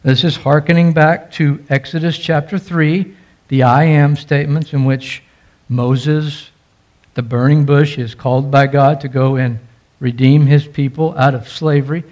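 A man's voice: on the high side, fairly even intonation, measured pace, a little mellow, muffled recording. A man preaching a sermon as pastor, stressing key phrases emphatically.

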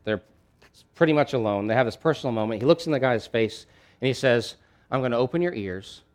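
A male pastor preaches a sermon in a middle-pitched voice. He keeps it conversational and emphatic, breaking off with asides and frequent restarts as he builds his points. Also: expressive, fairly quick.

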